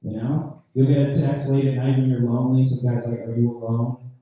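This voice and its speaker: A man working through a stand-up comedy set with a dry, deadpan delivery, stumbling through fillers as he goes. His voice is dark and muffled, picked up from a distance. The lounge around him rings with heavy echo. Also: medium pitch. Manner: halting, deadpan, lots of fillers. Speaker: stand-up comedian at an open mic. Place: lounge comedy night, indoors. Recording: very echoey room from far off.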